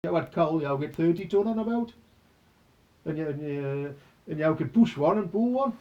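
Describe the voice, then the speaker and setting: A man with a Black Country accent explains things in a halting, colloquial way. His voice sits notably high for a man. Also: animated, lo-fi sound. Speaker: interviewee.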